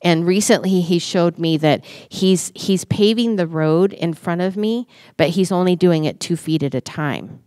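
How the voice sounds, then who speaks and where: Lively woman telling her story. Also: fairly low pitch, measured pace, hardly any pauses, no echo, studio quality. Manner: animated, acts out her own inner dialogue. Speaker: podcast guest, church staff member. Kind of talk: casual storytelling conversation.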